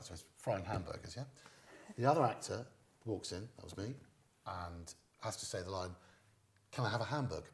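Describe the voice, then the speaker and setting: A middle-aged man, a guest comedian, telling stage anecdotes in an interview as a lively storyteller who acts out quoted lines. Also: deep voice, a little hiss or hum.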